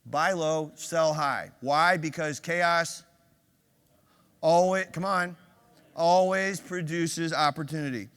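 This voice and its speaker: Older male keynote speaker, fairly high and bright-toned, punchy stage delivery that pokes questions at the crowd, hall reverb. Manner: energetic, quizzes the audience with quick questions. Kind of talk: conference keynote. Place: large conference hall.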